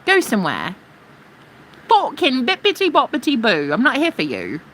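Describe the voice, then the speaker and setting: A brash woman streamer rants in a casual, profane, sarcastic way. Her voice is bright and sharp, and her pitch jumps all over with very animated delivery. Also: normal speed, slight background noise, low-quality recording. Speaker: live streamer. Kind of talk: casual ranting livestream.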